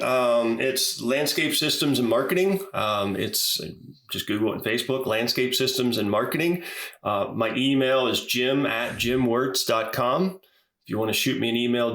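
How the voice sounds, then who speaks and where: A man who works as a business coach, a guest on a podcast, telling stories in a relaxed, casual way. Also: medium pitch, normal speed, reverberant. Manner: storytelling, relaxed, uses fillers like you know.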